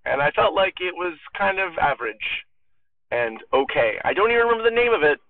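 Man, voicemail caller, rambling, gravelly, tinny phone line. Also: high-pitched, big pitch swings, fairly quick, far from the mic. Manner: rambling, searches for words, self-mocking.

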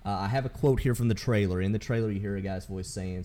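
A man's voice: lowish voice, fast, warm tone. A man hosting a casual gaming podcast, rambling with lots of ums and restarts. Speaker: podcast host.

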